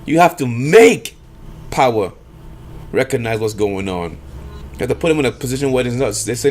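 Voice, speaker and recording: A man's voice: medium pitch, expressive, moderate pace, long pauses, a little mellow, slight background noise. A man delivering an emphatic monologue, lecturing and firing off rhetorical questions. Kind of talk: emphatic monologue on power politics.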